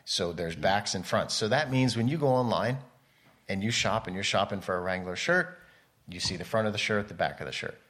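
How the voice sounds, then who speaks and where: An American model and photographer, a podcast guest, chats casually in an interview with a deep voice that is a bit bright and fairly quick. He tells stories in a rambling way, often interrupting himself.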